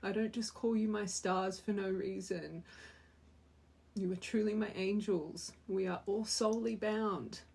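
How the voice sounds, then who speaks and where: A woman's voice: medium pitch, steady tone, a little slow, vocal fry, darkish tone, slightly rough. A young woman giving a spiritual tarot reading to her viewers, earnest and emotional, often repeating phrases for emphasis. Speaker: tarot reader.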